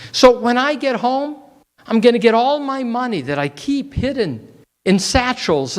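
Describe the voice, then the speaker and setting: A man voicing a poor, anxious villager who craves wealth and barks at his family. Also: sits high. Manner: pleading, then barking demands. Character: poor anxious man craving wealth, turning short-tempered.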